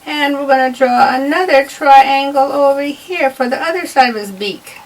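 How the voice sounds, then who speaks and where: A woman's voice: high voice, moderate pace. A woman giving a patient, step-by-step drawing lesson to children. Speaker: art teacher. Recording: voice a bit far from the mic.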